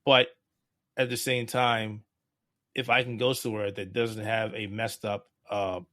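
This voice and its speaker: A man talking casually as a podcast guest, who gets frustrated and loud about politics. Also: lowish voice, little pitch movement, unhurried, dry recording, clean studio sound.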